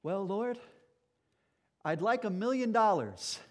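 A man's voice: high-pitched, animated, slow, a little mellow, in a large hall, voice pushed up. A man voicing a blind male beggar who pleads eagerly and rambles, correcting himself as he asks for things. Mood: pleading.

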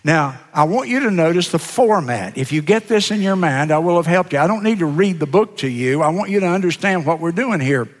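A man's voice: a little high, animated, brisk, few pauses. A man preaching a practical teaching sermon as pastor, coaching his listeners step by step as he shows them a booklet. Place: church sanctuary. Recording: long hall reverb.

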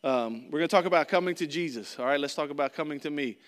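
A middle-aged male pastor preaching in an earnest, conversational way, often doubling back on his words. His voice sits a little high for a man. It rings out with a long reverb, as in a church hall. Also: fast talker. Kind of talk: sermon.

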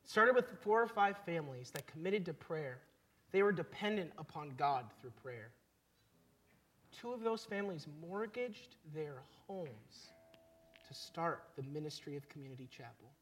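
A man, a pastor, preaching a sermon in a conversational storytelling way, pausing for emphasis. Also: on the high side, lively intonation, fairly bright tone.

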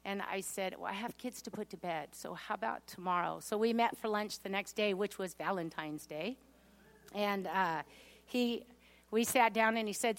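Woman, testimony sermon, earnest, heartfelt, reads scripture aloud, soft and low on painful parts. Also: normal speed. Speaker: speaker giving a personal testimony.

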